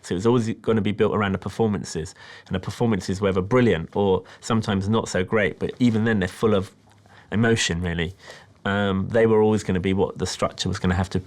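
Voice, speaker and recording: A man from Britain, a film director, calmly explaining how he made his documentary in a reflective, measured way. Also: sits low. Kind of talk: interview about his documentary.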